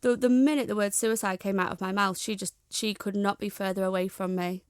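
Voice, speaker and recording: A young woman, a guest in an interview, speaking frankly and reflectively in a steady way. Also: mid-range voice, brisk, smooth, no room sound, clean studio sound. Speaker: guest, charity founder. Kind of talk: candid interview talk.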